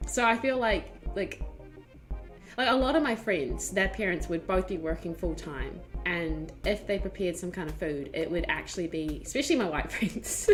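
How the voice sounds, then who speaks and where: A woman streamer chatting casually, telling stories in an animated, giggly way with lots of fillers. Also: on the low side, moderate pace. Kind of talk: casual chat. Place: home streaming setup. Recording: faint music behind.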